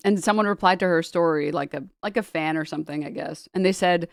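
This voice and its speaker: A woman's voice: mid-range voice, normal speed, dry recording, studio quality. A woman streamer chatting casually, reading posts aloud and swearing a lot as she laughs.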